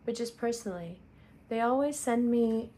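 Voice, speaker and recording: A woman's voice: a little high, normal speed, dark tone. Chatty woman giving a tarot reading. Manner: chatty, direct, repeats phrases for emphasis. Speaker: tarot reader. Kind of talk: casual astrology reading.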